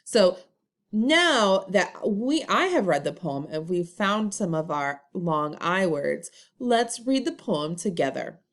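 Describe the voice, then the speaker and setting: A woman teaching a first grade phonics lesson online, in slow, drawn-out, sing-song teacher talk. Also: lowish voice, big pitch swings. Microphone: computer recording.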